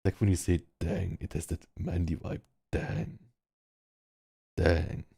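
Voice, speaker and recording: A man with a German accent and a very deep, gravelly voice chats casually over a headset. His mellow, slightly husky tone sounds dry and close. He rambles with loads of fillers and tries out words aloud. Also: little pitch movement, normal speed, dry recording. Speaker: VR social game player. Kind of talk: casual chat. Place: online virtual world, speaking from home.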